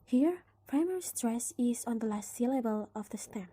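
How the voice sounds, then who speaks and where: A young woman with an Indonesian accent, giving a student class presentation on word stress, explaining carefully with examples and often dropping into a breathy near-whisper. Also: a little high, lively intonation, normal speed, dark tone. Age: young adult.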